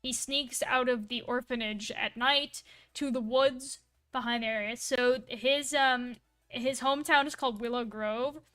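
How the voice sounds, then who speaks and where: Woman streamer, high clean voice, playful rambling storyteller with asides. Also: pushed and bright, clear, resonant tone. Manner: rambling, full of asides and self-corrections; playful and quick to laugh at herself. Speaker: livestreamer. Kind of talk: casual storytelling on a live stream.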